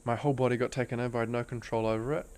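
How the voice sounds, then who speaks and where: A young man from Australia talks very fast as a guest in a casual storytelling podcast interview, telling a personal story earnestly and intensely with plenty of "like" fillers. His mid-range voice is steady, darkish, clear, and resonant.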